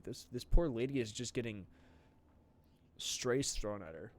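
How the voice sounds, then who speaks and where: Young guy streaming a game, chatty reactions, middle pitch voice. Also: lively intonation, measured pace, pauses often, slight background noise. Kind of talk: live game commentary.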